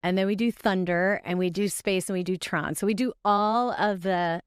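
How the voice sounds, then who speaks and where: A woman's voice: medium pitch, steady tone, moderate pace, clear, resonant tone, no echo, clean studio sound. A middle-aged woman, a guest on a chat show, telling stories in a bubbly way and laughing often, a little tired from short sleep. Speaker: guest voice actress and singer. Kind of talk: casual podcast chat.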